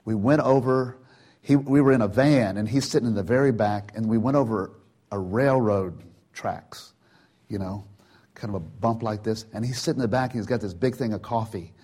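A man's voice: on the low side, normal speed, slightly rough. An older man giving an informal sermon, telling a personal story in a chatty way with many restarts and acted-out quotes. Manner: chatty and warm, acts out quotes, frequent "you know" and restarts. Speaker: church speaker telling a testimony.

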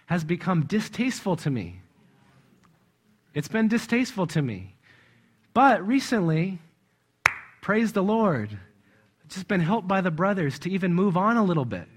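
A man preaching in a conversational way, stressing words with emphasis and chuckling often. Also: high-pitched. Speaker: church speaker. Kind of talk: conversational sermon.

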